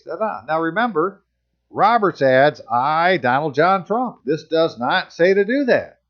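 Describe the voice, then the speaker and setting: A man's voice: a little high, sing-song, measured pace, a bit bright, dull audio. A man reading passages aloud and commenting on them in casual, sarcastic asides as a channel host.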